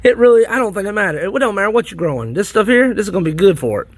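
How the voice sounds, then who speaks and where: A high-voiced man talks rapid-fire as he films his worm bins. He's a worm farming vlogger from South Carolina whose casual chat is folksy and rambling, and he gets excited easily.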